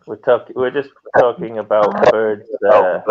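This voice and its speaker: A man's voice: on the low side, fairly even intonation, unhurried, muffled recording. A man hosting a live online chat show, talking casually and laughing often.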